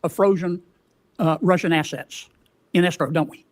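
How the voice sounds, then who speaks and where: A man questioning a military officer at a hearing, asking folksy leading questions with halting restarts. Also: fairly high pitch, fairly even intonation.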